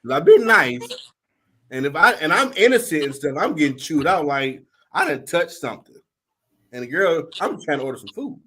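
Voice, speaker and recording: A middle-aged man with a husky, higher-pitched voice hosts a podcast, telling a story at normal speed. He's animated and slangy, acting out the lines of the other people involved.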